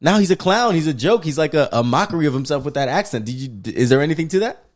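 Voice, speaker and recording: A man's voice: fairly high pitch, quick pace. Man, podcast co-host, casual movie talk, profane, emphatic rants. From Pacific Islands. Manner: animated, profane, emphatic love-hate rants. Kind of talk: casual movie review chat.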